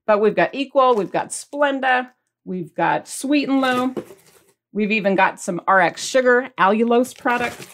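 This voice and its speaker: A woman's voice: on the high side, lively intonation, a little slow, a little hiss or hum. Chatty woman hosting a diet podcast. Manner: chatty, asks the audience questions; playful, mimics listeners' reactions. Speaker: podcast host. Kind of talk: casual chat to viewers.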